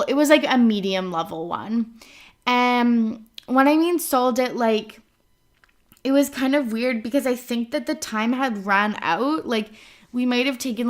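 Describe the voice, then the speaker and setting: Chatty young woman podcast host. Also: a little high. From Canada. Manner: chatty, filler-heavy, swears casually. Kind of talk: casual solo podcast chat.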